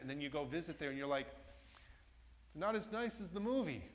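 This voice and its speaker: Man presenting in a reverberant hall. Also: medium pitch. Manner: engaging, asks the audience questions. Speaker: workshop presenter. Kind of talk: interactive talk to a live audience. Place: large meeting room with a masked audience.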